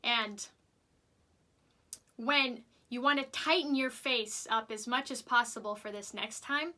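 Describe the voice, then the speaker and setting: A woman teaching vocal warm-ups to kids, upbeat and patient as she shows each exercise aloud. Her voice is very bright and sits a little high. She talks slowly, giving every instruction time to land. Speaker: music teacher.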